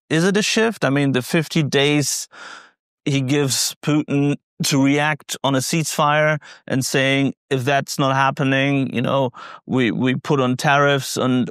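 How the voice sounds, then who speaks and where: A man interviewing a guest on politics, speaking in a hesitant, halting way and often restarting his sentences. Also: medium pitch, a bit bright, smooth, dry recording, studio quality. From Germany. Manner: hesitant, halting, repeats words while restarting.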